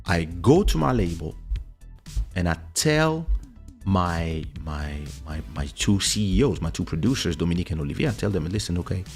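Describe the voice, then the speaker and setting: A man hosting a podcast, telling a story in a casual way and acting out what people said with big jumps in pitch. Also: normal speed, faint music behind. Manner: animated, acts out quoted speech with big pitch jumps. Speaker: podcast host. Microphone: studio microphone.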